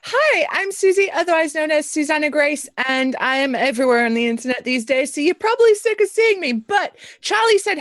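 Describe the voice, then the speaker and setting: A woman introducing herself as a tabletop game player, gushing with breathless excitement. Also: high voice, a little fast, hardly any pauses, dry recording, clean studio sound.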